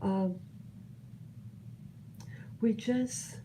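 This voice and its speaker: A woman from the United States giving her personal commentary, earnest and halting, often restarting her sentences. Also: on the high side, steady tone, mellow, slight background noise, rough recording. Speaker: vlogger sharing opinions.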